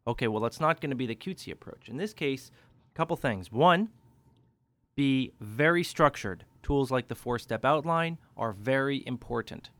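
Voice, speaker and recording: A man's voice: medium pitch, moderate pace, a bit bright, dry recording. A man coaching public speaking in a podcast tip, talking energetically and pushing his inflection up and down for emphasis. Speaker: speech coach.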